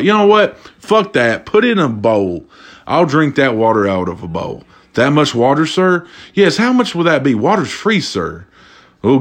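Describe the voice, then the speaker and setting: A young man casually telling stories to his audience, animated and profane, acting out the voices of the people he quotes. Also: medium pitch. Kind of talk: casual storytelling monologue.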